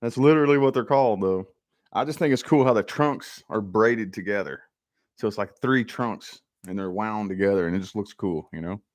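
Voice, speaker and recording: A man with a fairly low voice talks at a moderate pace while hosting a casual live stream from his home office. He rambles in a laid-back way, speaking directly to his viewers.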